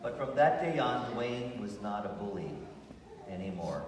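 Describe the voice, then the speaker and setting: A priest telling a childhood story at a children's Mass, acting out the quoted lines with lively changes in voice. His middle-range voice rings through a large church with a long echo. He is far from the mic, with steady room noise behind him. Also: fairly low pitch, unhurried. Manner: animated storytelling with acted quotes. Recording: echoey church from far off with ambience.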